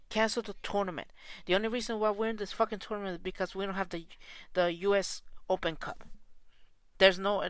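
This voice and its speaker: A man's voice: high voice, fairly bright tone, no echo. A man who coaches soccer, delivering an angry, profane and repetitive spoken rant.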